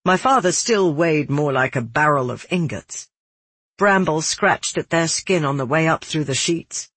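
Audiobook narrator, male, husky, slightly high, dry close sound, somber pacing. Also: a bit bright, no room sound. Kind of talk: first-person fantasy narration.

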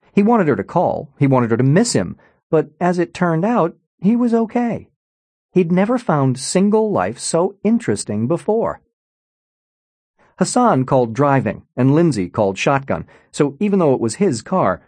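A man narrating an audiobook in an expressive storytelling manner, on a close studio mic. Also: medium pitch, no echo. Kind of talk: scripted narration.

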